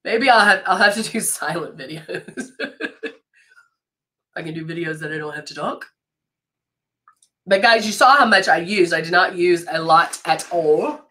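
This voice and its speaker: Woman, head cold, nose stuffed up; clear bright tone, chatty live-stream makeup host. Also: on the low side, unhurried, pauses often. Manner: chatty, greets viewers by name, laughs often. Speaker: brand educator hosting a live makeup demo.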